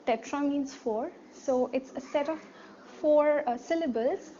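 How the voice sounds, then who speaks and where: A woman with a high voice teaches a poetry lesson, explaining patiently and asking rhetorical questions as she goes. The recording is slightly dull, with a faint hiss underneath. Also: unhurried, mellow. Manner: explanatory, repeats key words, asks rhetorical questions. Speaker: literature teacher.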